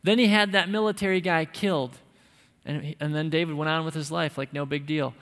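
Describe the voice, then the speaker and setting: A man's voice: a little high, fairly even intonation, brisk, a bit bright, long reverb tail. A man preaching a sermon to men, emphatic and conversational, with touches of light humor. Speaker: pastor.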